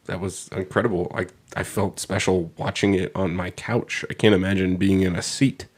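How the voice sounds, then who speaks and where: A man's voice: sits low, steady tone, moderate pace, slightly rough. A man co-hosting a casual sports podcast, speaking in a laid-back way, often laughing and bantering as a fan. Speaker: podcast co-host.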